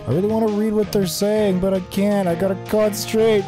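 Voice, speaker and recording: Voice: medium pitch, little pitch movement, fairly quick, over music. A tired young adult host doing let's play commentary, flustered and exclaiming often while reading game dialogue aloud and reacting to the game. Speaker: gaming channel host.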